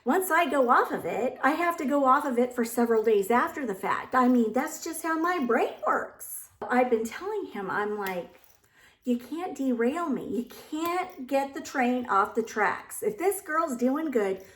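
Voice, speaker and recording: Woman vlogger, high and chatty, storytelling; roomy echo. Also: animated, a little slow, fairly bright tone. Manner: chatty, acts out quotes of others. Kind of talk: casual storytelling. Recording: echoey room.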